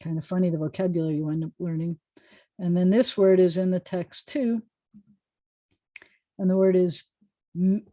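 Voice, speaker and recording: A woman rabbi teaching an informal online Hebrew class over a video call, chatty and joking as she sounds out words slowly. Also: medium pitch, darkish tone, no room sound.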